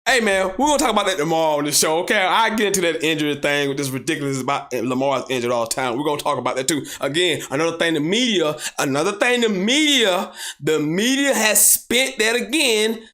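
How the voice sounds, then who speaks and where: A Southern American man with a high-leaning voice hosts a solo sports podcast at a quick clip with few pauses. Animated and insistent, he restates his arguments repeatedly and pushes toward shouting. He also reads viewer comments on air and argues against them.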